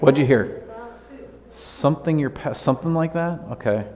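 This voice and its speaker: A man's voice: a little high, normal speed, darkish tone. A man giving a casual children's sermon in a church, playful and chatty, often asking the kids questions. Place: church sanctuary. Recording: long hall reverb.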